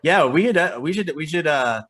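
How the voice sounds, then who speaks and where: Bright, stammering man chatting casually. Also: on the high side, animated, a little fast. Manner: stammering restarts, laughs easily. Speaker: podcast co-host. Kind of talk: casual chat.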